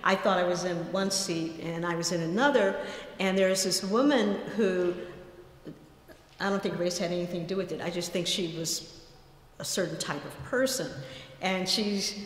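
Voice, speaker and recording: A woman's voice: lowish voice, moderate pace. A woman giving a conversational academic talk at a colloquium, telling stories with asides. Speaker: guest lecturer. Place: lecture hall. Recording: echoey lecture hall.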